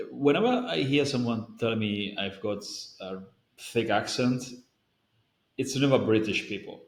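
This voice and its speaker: A man from Spain answering a viewer's question about pronunciation in a casual, rambling way, with many fillers and restarts. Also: fairly low pitch. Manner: rambling, self-correcting, with frequent fillers. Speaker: language-learning video creator. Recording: roomy echo.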